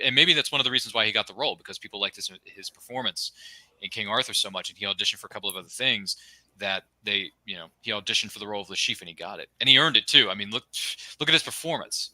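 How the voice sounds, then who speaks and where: A young man co-hosting a casual fan podcast, gushing with enthusiasm and tossing in quick asides and pop-culture jokes. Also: fairly low pitch, pushed and bright, dry recording. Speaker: podcast co-host.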